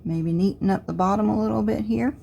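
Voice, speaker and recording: Over dull audio, a middle-aged Southern US woman with a gravelly, medium-pitched voice talks a little fast through a crafts tutorial. It's laid-back, step-by-step narration, and she thinks aloud while working.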